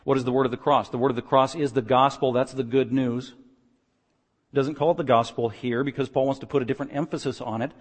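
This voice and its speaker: A man preaching an expository sermon, moving from quiet, low explaining to loud, emphatic passages. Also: steady tone, quick pace, big-room sound. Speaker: pastor.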